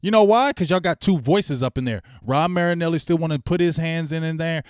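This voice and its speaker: A man's voice: fairly high pitch, brisk, smooth, dry recording, studio quality. A middle-aged man hosting a sports fan show, ranting bluntly and heatedly in slangy casual speech. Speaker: sports talk host. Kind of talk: fan rant commentary.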